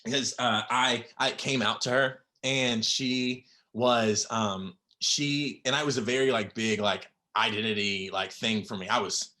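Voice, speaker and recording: A young man telling a personal story on a podcast, halting with many fillers and close to tears. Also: mid-range voice, steady tone, sharp tone. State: near tears. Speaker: podcast guest.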